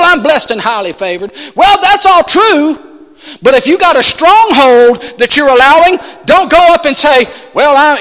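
A male pastor preaching a sermon, emphatic, swinging between loud declarations and quiet asides. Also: high voice, big-room sound. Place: church sanctuary.

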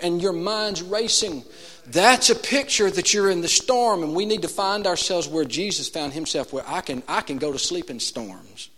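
Male pastor, high-pitched, animated sermon delivery that swings from quiet to loud, echoing church hall. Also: moderate pace. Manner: animated storytelling, swinging from hushed to shouting. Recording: long reverb of a large hall.

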